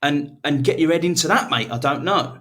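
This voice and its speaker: A man co-hosting a podcast, chatting casually, swearing a lot and rambling, sometimes slipping into quick mock voices. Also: on the high side, animated, a bit bright, a little hiss or hum. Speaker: podcast co-host. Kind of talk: casual banter.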